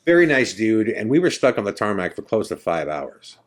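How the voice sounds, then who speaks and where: A man's voice: on the low side, big pitch swings, brisk. A man hosting a podcast, casually telling a first-person story in a chatty, self-correcting way. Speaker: podcast host.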